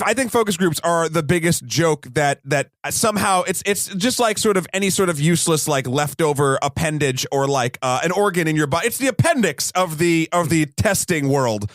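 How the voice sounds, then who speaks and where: A man's voice: fairly high pitch, lively intonation, normal speed, hardly any pauses, dry recording. A man co-hosting a movie podcast, ranting in casual, profane, opinionated chat. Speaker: podcast co-host. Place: podcast studio.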